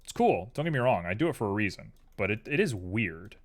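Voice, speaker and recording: A man's voice: lowish voice, very animated, a little fast. A tired man chatting casually and rambling drowsily on a live stream while he works on a 3D model at his computer.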